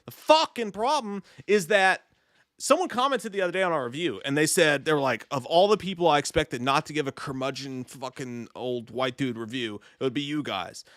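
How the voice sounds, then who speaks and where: Profane, animated man hosting a live stream. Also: a little high, normal speed, no echo, studio quality. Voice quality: profane, laid-back, thanks viewers warmly. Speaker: host. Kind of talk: casual live-stream chat.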